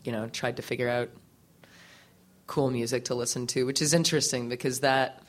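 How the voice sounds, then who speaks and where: This woman musician, an interview guest, has a very deep voice and talks fairly quickly, with a slight hiss or hum on the audio. Laughing frequently and swearing freely, she animatedly shares a candid teenage story packed with fillers.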